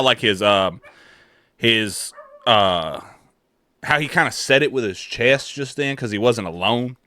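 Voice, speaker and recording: A man's voice: mid-range voice, pushed and bright, dry recording, clean studio sound. A man with a Southern American accent, riffing profanely and laughing as he reacts to a video for his viewers. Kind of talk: casual reaction commentary.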